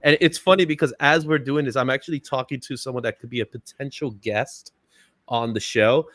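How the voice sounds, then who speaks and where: A man's voice: mid-range voice, fairly even intonation, brisk, fairly bright tone, dry recording, studio quality. A man hosting a casual livestream, chatty and upbeat, laughing often and greeting viewers in the chat by name. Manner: laughs often, fillers like "you know what I'm saying". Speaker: livestream host.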